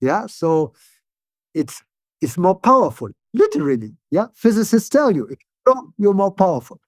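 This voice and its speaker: A neuroscientist guest speaking as an English speaker, explaining ideas in calm conversation and often checking in with "yeah?". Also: male voice, high-pitched, dry recording, clean studio sound. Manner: tag "yeah?" questions, frequent restarts, calm and deliberate.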